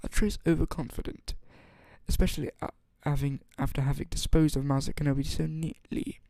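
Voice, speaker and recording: A man reading aloud and voicing an old, scheming male politician who speaks blandly and a little higher than his own voice. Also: little pitch movement, fairly quick, vocal fry, dark tone, no echo.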